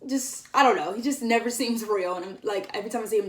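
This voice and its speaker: A woman's voice: a little high, normal speed. A young woman vlogger telling a casual story, chatty and giggly, with lots of "like" and "um". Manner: chatty, giggly, full of fillers like "like" and "um". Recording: echoey room, somewhat far from the mic.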